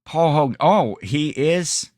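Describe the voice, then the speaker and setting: A man's voice: a little high, animated, slow pace, darkish tone, no echo. A middle-aged man co-hosting a podcast in casual chat, rambling, self-correcting and laughing often. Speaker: podcast co-host.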